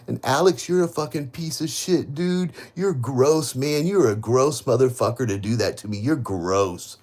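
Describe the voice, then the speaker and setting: A man's voice: medium pitch, measured pace, hardly any pauses, darkish tone. A man on a live stream, ranting at people he blames, repeating his accusations, swearing heavily and rambling with many restarts. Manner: bitter, accusing, repeats himself. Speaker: livestreamer. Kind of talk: live stream rant to viewers.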